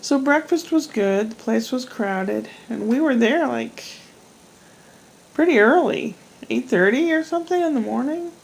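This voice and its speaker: A woman's voice: a little high, expressive, a little slow, creaky, husky, poor audio. A middle-aged woman chatting casually at home at night in a rambling, self-deprecating vlog. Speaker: vlogger. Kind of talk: casual chat.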